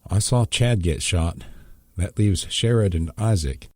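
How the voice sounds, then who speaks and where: A man's voice: deep voice, measured pace, a little mellow, no room sound, studio quality. A man voicing a wounded young man who talks through pain, strained and urgent.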